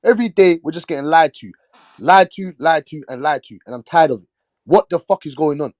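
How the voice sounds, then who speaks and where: A man's voice: a little high, fairly quick, no room sound. A man hosting a boxing talk show, ranting in a heated, swearing, repetitive way. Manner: fired-up, swearing, repeating himself. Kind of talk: heated casual rant.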